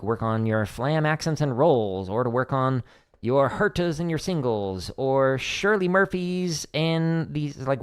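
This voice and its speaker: A man's voice: mid-range voice, smooth. A man in his thirties hosting a drumming livestream, chatting casually and counting beats aloud as he explains exercises. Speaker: drumming teacher, livestream host. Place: home drum studio.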